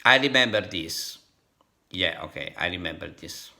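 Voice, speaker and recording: An Italian-accented man from Italy thinking aloud as a vlogger, halting and repeating syllables over and over to practice tones. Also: sits low, lively intonation, vocal fry, sharp tone. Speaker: language-learning vlogger.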